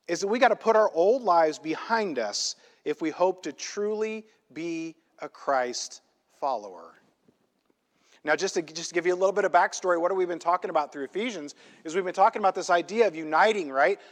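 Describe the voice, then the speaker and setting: A male pastor preaching a sermon in a church, emphatic and conversational, often checking in with a quick "right?". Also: high voice. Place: church sanctuary. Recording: long hall reverb in a church.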